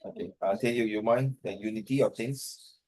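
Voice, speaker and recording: A man's voice: lowish voice, normal speed, darkish tone, rough recording. A tired man teaching an online class over a video call, talking in a hesitant, rambling way and slipping into Mandarin.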